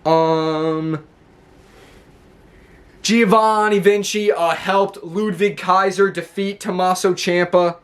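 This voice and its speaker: A man's voice: sits high, fairly even intonation, takes it slowly, pauses often. A man casually recapping a wrestling show, rambling with lots of fillers and restarts.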